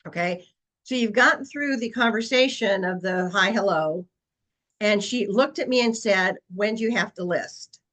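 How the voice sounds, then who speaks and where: A woman's voice: medium pitch, moderate pace, fairly bright tone, poor audio. A woman real estate agent presenting a webinar session, telling a long client story in an earnest, anecdotal way with frequent fillers.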